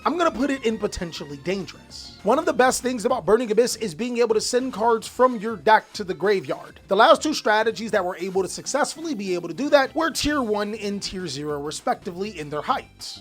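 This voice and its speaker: A man hosting a casual card game commentary video, animated and jokey, with some playful trash talk. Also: high-pitched. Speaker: YouTube host.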